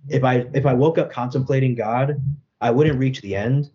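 Young man, Catholic apologist guest, earnest, thoughtful, dark warm tone, dull muffled sound. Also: mid-range voice, normal speed. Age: young adult. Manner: earnest, thoughtful, many "right?" and "you know" fillers. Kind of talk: reflective interview conversation.

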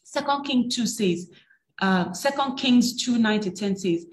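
A woman's voice: on the high side, lively intonation, unhurried, reverberant. A woman preaching a sermon, reading scripture and rising into emphatic bursts. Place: church.

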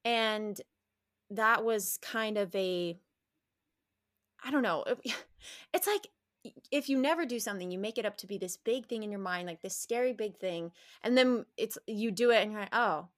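A woman speaking as an interview guest, animated and candid, often restarting sentences and laughing as she talks. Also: mid-range voice, measured pace, long pauses, no room sound, clean studio sound.

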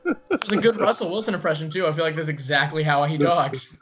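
A young man talks quickly in a rather high voice. As a co-host he is eager and rambling, and often restarts his sentences. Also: over a noisy crowd. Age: young adult. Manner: eager, rambling, self-correcting. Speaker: podcast co-host. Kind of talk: casual podcast chat.

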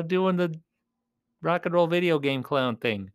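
A man's voice: a little high, a little slow, clean tone. A man hosting a collecting vlog as a clown persona, rambling casually and talking straight to his viewers. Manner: chatty, rambling, talks to viewers as "you guys". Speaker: clown character host of a collecting show.

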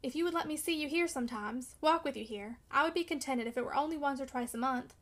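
A woman's voice: high voice, fast talker, fairly bright tone. Woman reading a pleading, discontented young man. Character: discouraged, longing young man of twenty-one. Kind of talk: audiobook character reading.

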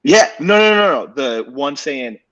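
A man's voice: mid-range voice, very animated, a little slow, a bit bright. A young man co-hosting a casual podcast, telling a dating story with swearing and acted-out dialogue. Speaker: podcast co-host. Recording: dull lo-fi podcast audio.

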